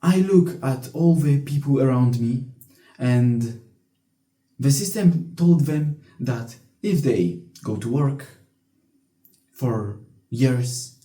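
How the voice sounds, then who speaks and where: Young man, blunt profane rant, very dark voice, echoey room. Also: medium pitch, lively intonation, slow pace. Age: young adult. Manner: blunt, profane, frequent restarts. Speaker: vlogger. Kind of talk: casual storytelling rant.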